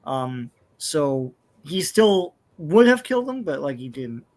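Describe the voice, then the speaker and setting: A man co-hosting a casual comic book chat, relaxed and rambling with many fillers. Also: fairly high pitch, slow pace. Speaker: podcast co-host.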